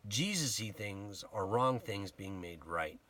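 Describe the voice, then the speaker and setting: A man giving a casual sermon, retelling a Bible story in a conversational, animated way and acting out the people in it. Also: fairly low pitch, a little slow. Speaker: preacher.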